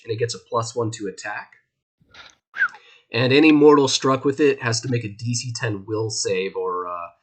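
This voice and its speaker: A man narrating a tabletop game as game master in a relaxed, hesitant way. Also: lowish voice.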